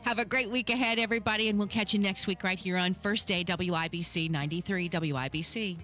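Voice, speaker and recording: A woman's voice: medium pitch, quick pace, soft background music. A woman hosting a live radio show from the studio, chatting casually and wrapping up the show. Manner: relaxed, chatty, wraps up the show.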